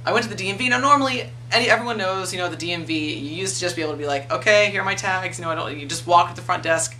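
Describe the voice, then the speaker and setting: A man's voice: high-pitched, very fast, sharp tone, recorded from a distance, a little hiss or hum. A man of twenty-one, telling a story in a casual vlog rant, swearing freely and acting out the people he quotes. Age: 20s. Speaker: video blogger.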